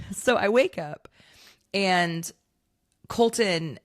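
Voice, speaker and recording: A woman in her thirties co-hosting a podcast, telling rambling stories in a casual chat and laughing often. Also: low-pitched. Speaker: podcast co-host.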